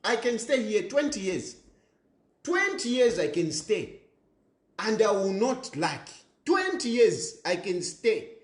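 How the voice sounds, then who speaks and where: A Zambian man speaks in a high, lively voice, hammering his points home by repeating them and mixing languages as he goes. His pitch jumps around with every phrase, and now and then a laugh cuts in. It is recorded in an echoey room in his apartment. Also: slow. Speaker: political commentator. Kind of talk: impassioned monologue. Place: rented apartment abroad.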